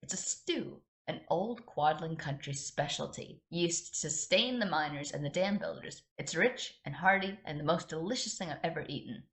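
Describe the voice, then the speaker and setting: A woman's voice: deep voice, lively intonation, normal speed, hardly any pauses, a bit bright. A woman reading the lines of an intense, proud young woman in an earnest, clipped voice.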